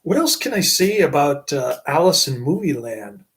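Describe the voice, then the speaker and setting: A man giving a casual, rambling movie review, slow and halting, often laughing at his own jokes. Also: fairly high pitch, big pitch swings, a bit bright.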